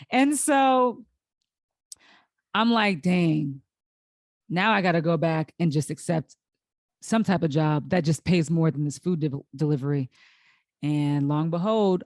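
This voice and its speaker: A woman's voice: low voice, a little mellow, no echo. A woman hosting a solo podcast, telling her own story in a candid, emotional way, close to tears at times and full of restarts and fillers. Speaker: podcast host.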